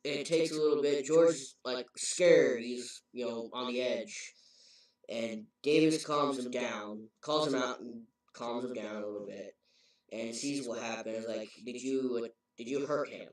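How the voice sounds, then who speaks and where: In an unhurried, medium-pitched voice, a game reviewer rambles through a recap of a story's plot and corrects himself along the way. The audio is very echoey and he sounds distant from the microphone.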